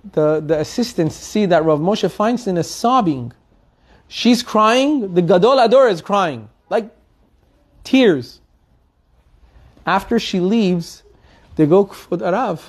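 A man giving a weekly Torah lesson, telling stories earnestly and asking his listeners rhetorical questions. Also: on the high side. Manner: animated storytelling with rhetorical questions. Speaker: Torah teacher.

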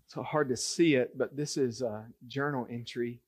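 A man's voice: medium pitch, steady tone, moderate pace, a little mellow. A man preaching a sermon to a congregation, earnest and building to emphatic points as he reads scripture. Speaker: pastor. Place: church sanctuary.

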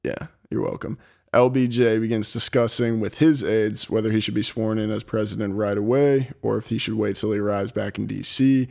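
A man's voice: fairly low pitch, creaky, darkish tone. Casual young man telling a story. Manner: profane, laughing, reads from a script. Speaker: podcast host. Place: apartment. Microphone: laptop.

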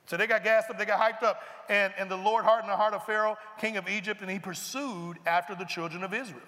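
A high, bright-voiced man preaches to a congregation, moving between reading scripture and lively, casual asides. His voice rings out with a long reverb, as in a large hall or sanctuary. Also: a little fast, few pauses. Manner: animated, conversational, breaks into asides and mimics characters. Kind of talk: sermon, reading and explaining scripture.

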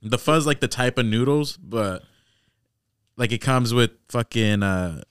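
A man's voice: mid-range voice, unhurried, clear, resonant tone, no echo, studio quality. A young man hosting a casual chat, swearing freely and using slang. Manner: profane, slangy, animated banter. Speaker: podcast host.

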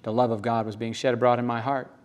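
Preaching quickly and with a flat delivery, a middle-aged man tells his sermon like an emotional, conversational story, with abrupt jumps in pitch.

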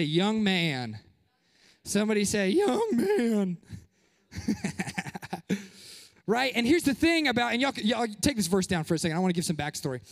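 A young man preaching a sermon as pastor, lively and joking, slipping into playful voices and short of breath. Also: high voice, vocal fry, in a large hall. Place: church sanctuary.

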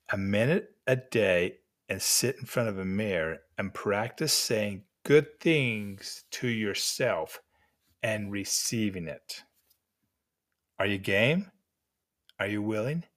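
An older man giving gentle, encouraging life lessons to mentees at an unhurried pace with pauses. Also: on the low side. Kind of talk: motivational talk to mentees.

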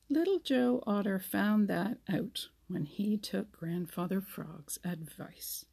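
A woman's voice: mid-range voice, takes it slowly, creaky, hardly any pauses, a little mellow, breathy edge. A woman reading a children's animal storybook aloud, with small slips and restarts. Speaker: narrator.

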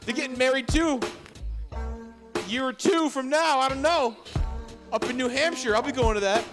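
Brash high-voiced woman over loud hip hop. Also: normal speed. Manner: brash, swears, hypes people up. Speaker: podcast host. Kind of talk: hyped casual shout-outs. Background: loud hip hop music.

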